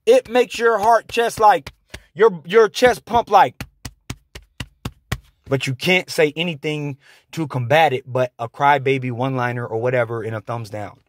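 A man delivering an angry, confrontational rant to his viewers, halting often on fillers. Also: on the high side, no room sound. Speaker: vlogger.

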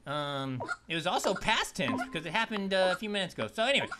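A performer voicing an upbeat, goofy male cartoon grape who hosts a let's play with excitable, punning commentary and yelps. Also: medium pitch, fast talker, noisy background, natural voice. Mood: goofy excited. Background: background game music.

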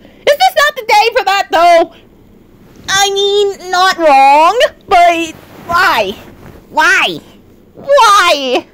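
A woman streamer chatting live over a game, excitable and shrieking, her voice often cracking. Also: very high-pitched, very slow, long pauses. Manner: excitable, shrieking, swearing at chat. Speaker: virtual streamer. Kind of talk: live gaming stream chat.

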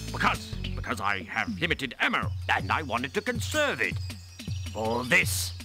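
An actor playing a male bird soldier, a sergeant, reporting in a crisp clipped military way in a video game. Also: mid-range voice, huge pitch swings, measured pace. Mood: brisk. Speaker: game character. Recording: game audio with music behind.

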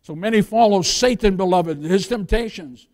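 A man's voice: high voice, moderate pace, darkish tone. A male pastor preaching a sermon emphatically, often calling his listeners "beloved" and asking them for an amen.

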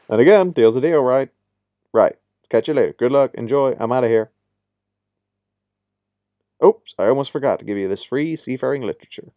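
A man voicing a pushy, fast-talking male ship salesman with eager sales patter, read aloud over a video game. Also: mid-range voice, expressive, no echo, dull audio, natural voice.

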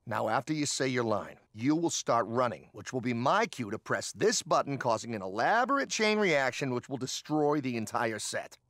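An actor playing a stunt coordinator who explains the plan in a matter-of-fact way. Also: male voice, medium pitch, sing-song, normal speed, few pauses, fairly bright tone, dry recording, studio quality. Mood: instructing. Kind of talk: cartoon voice acting.

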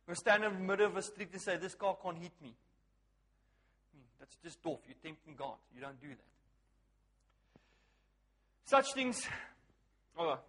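A man preaching a lively sermon, asking the crowd questions and swinging from hushed to loud. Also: high voice, in a large hall.

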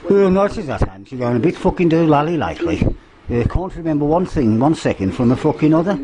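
Inside a derelict cottage loft, a vlogger renovating the place, an older man, swears his way through a meandering tour of the half-stripped space, forever losing his train of thought and hunting for words. His voice sits on the high side, quick and expressive. A crowd murmurs behind him on a low-quality recording.

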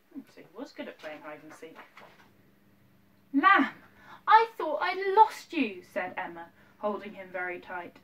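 Woman teacher reading a storybook to her class at home, expressive, mic a bit distant. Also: medium pitch. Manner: gentle, expressive read-aloud with asides to children. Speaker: primary school teacher. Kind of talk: reading a picture book aloud to her class. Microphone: self-filmed camera. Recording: distant mic, faint background noise.

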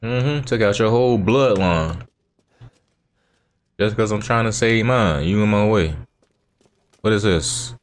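A man hosting his gaming channel, chatting casually over his gameplay with relaxed, slangy banter and talking back at the game. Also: on the low side, measured pace, long pauses, a little hiss or hum.

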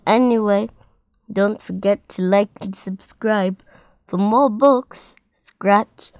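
A woman reading a picture book aloud to children in a clear storytime manner. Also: medium pitch, takes it slowly, darkish tone, highs cut off, slight background noise.

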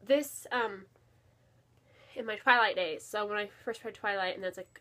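A woman's voice: mid-range voice, moderate pace, a bit bright. A woman talking casually and enthusiastically at home, with lots of fillers and repeated words. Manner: chatty and enthusiastic, with many fillers and repeated "really". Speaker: book vlogger. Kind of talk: casual chat. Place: home, near her bookshelf.

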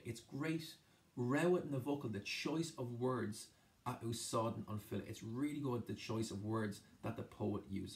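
Irish man, teacher, gravelly voice, mid pitch, translating poem lines with restarts. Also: a little mellow. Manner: switches between Irish and English, translating line by line with frequent restarts. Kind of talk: exam-prep lesson explaining a poem.

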